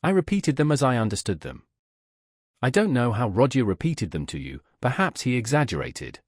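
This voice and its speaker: A man's voice: medium pitch, very animated, normal speed, no echo, studio quality. A man voicing an older mother in an audiobook, hesitant at first but keeping her dignity. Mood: faltering.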